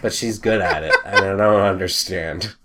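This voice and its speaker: A young man chatting casually on a podcast, rambling and joking, and acting out little shouted scenes. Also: low-pitched, moderate pace, heavy background noise. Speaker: podcast host. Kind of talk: casual chat.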